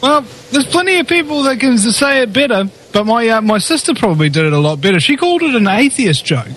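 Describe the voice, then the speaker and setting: A man's voice: very high voice, very animated, fast, a bit bright. A man hosting a call-in talk radio show, chatty and rambling, fond of telling jokes.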